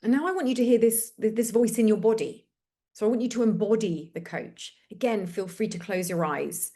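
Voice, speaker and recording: A woman hosting a webinar, leading a slow, gentle guided reflection exercise over a video call with repeated prompts. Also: mid-range voice.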